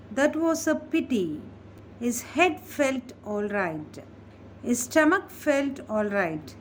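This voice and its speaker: A woman reads a story aloud, taking it very slowly and clearly so learners can follow. Her voice sits a little high, and she lifts it into small acted voices when the characters talk. A faint noise runs under the recording. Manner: slow, careful reading with acted character voices. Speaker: storyteller reading a graded reader.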